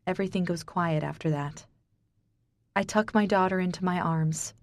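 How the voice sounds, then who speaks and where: A woman's voice: lowish voice, normal speed. A woman narrating an audiobook in the first person in a subdued, somber tone.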